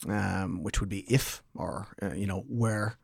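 Male co-host, slightly low voice, halting and jokey; dry close recording. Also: creaky, breathy edge, no room sound. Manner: joking, then halting with many ums. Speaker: podcast co-host. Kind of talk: casual explanatory chat.

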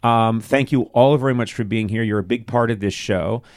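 A man's voice: on the low side, a little fast, a little mellow, no room sound, clean studio sound. A man in his sixties hosting a live comedy podcast, joking, riffing and poking fun at himself. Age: 60s. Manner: joking, self-mocking and riffing. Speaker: podcast host. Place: live show on a stage.

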